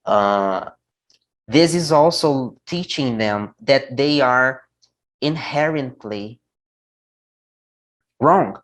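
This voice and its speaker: A man from Brazil talks in English with a Brazilian Portuguese accent. He is an English teacher, blunt and opinionated, and he speaks at an unhurried pace. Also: mid-range voice, low-quality recording. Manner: blunt, opinionated, animated when making a point. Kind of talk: casual conversation.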